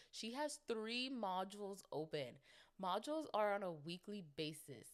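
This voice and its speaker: A woman's voice: medium pitch, sing-song, unhurried. A young woman hosting a podcast, chatting casually and rambling with lots of fillers while she talks straight to her listeners. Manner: addresses listeners directly. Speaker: podcast host. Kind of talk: casual chat.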